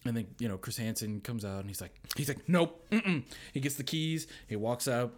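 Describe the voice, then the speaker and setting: A man's voice: mid-range voice, animated, fairly quick. A young man, a podcast guest, telling a story in casual chat, acting out voices and laughing often.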